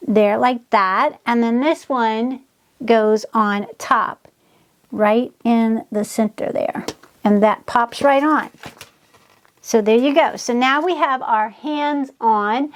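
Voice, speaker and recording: A woman hosting a casual crafting tutorial, walking through each step in a chatty way and gushing over the results. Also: fairly high pitch. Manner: gushing, gasps and squeals over her crafts; unhurried, chatty step-by-step explaining. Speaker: DIY craft channel host.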